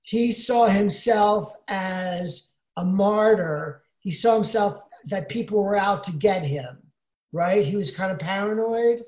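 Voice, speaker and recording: A woman's voice: medium pitch, takes it slowly, darkish tone, roomy sound. A woman co-hosting a casual podcast chat, explaining things at length in a rambling way. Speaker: podcast co-host.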